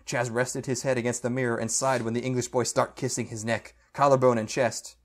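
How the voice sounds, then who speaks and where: A man's voice: mid-range voice, flat delivery, fairly quick. A man podcast co-host reading fan fiction aloud for comedy, stumbling over the awkward prose and breaking into laughter.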